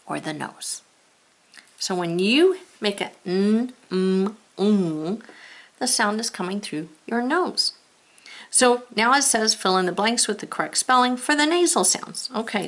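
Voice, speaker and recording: In a gravelly, mid-range voice, a female teacher walks the viewer gently through a spelling lesson, sounding out each letter and word one step at a time and talking through every task.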